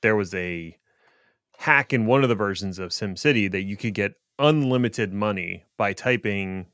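A man's voice: fairly low pitch, moderate pace, a bit bright, no echo, clean studio sound. A middle-aged man co-hosting a casual tech podcast, joking and wandering off on digressions. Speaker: podcast co-host.

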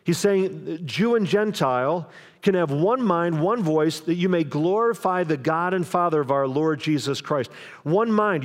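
A man preaching a sermon as pastor, in a conversational way, acting out the quoted voices of the people in his stories. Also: a little high. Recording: long hall reverb.

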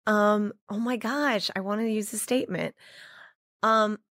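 A woman's voice: medium pitch, measured pace, a bit bright, dry recording, clean studio sound. A woman hosting a comedy podcast, playful and giggly while improvising scenes. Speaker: podcast host.

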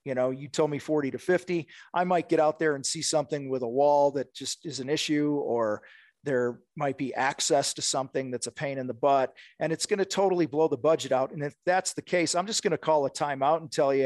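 Blunt sales coach, male, slightly high voice, dry close recording, acts out client calls. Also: moderate pace, darkish tone, no echo. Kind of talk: casual podcast talk.

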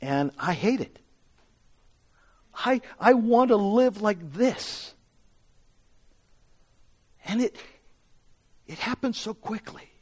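A man's voice: high voice, lively intonation, takes it slowly, long pauses, a little mellow. A man preaching a sermon as pastor, earnest and emphatic, building up repeated phrases.

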